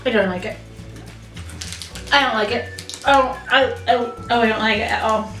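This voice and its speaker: A woman's voice: a little high, normal speed, a bit bright. A young woman vlogging, chatting expressively and squeamishly while taste-testing snacks. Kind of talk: casual snack taste-test chat. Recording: echoey room with light music.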